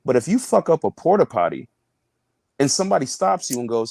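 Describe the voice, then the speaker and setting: A man's voice: wildly swooping pitch, fast talker, vocal fry, a little mellow, dry recording. A young man, a comedian and new father, talking bluntly and crudely in a casual panel discussion. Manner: blunt, crude, acts out others in a high mocking voice.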